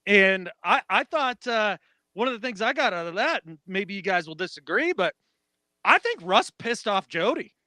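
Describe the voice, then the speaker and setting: A man co-hosting a casual sports podcast, animated and acting out quotes in mock voices. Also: sits high, normal speed, dry recording. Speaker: podcast co-host.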